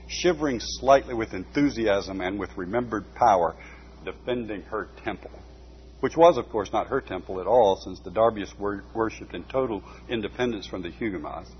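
Man reading aloud, dull lo-fi recording. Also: on the low side. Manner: measured reading, breaks off for short asides. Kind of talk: reading a book aloud with asides. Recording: dull lo-fi recording with faint hum.

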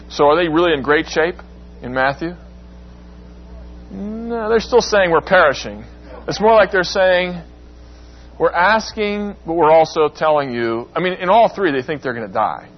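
A man conducts an interactive Bible class lecture, questioning the class and dramatizing the quoted lines with rising pitch. The recording is dull and lo-fi, with a faint hum underneath.

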